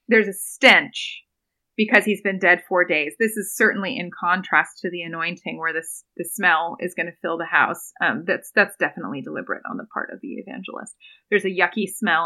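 A woman's voice: on the low side, pushed and bright, low-quality recording. A young woman, a doctoral student, talking earnestly in a podcast interview and retelling a scripture story, with frequent ums and small laughs. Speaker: podcast guest, doctoral student in biblical studies.

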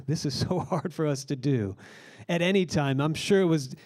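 Mellow-voiced man preaching a sermon. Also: a little high. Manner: earnest teaching, slows down to stress key phrases. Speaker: pastor.

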